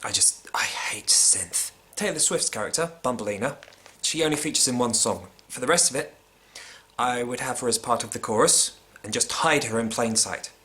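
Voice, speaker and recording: A man vlogging a casual, opinionated critique with a wry tone, often dropping into hushed asides. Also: medium pitch, a little fast, a little hiss or hum. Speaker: vlogger reviewing a film.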